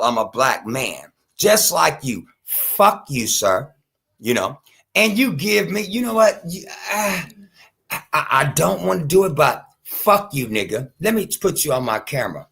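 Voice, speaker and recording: A man's voice: medium pitch, creaky, a bit bright. A man hosting his own stream, ranting off the cuff to his viewers with heated, profane asides aimed straight at a critic. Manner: chatty asides to his audience. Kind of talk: unscripted rant to viewers.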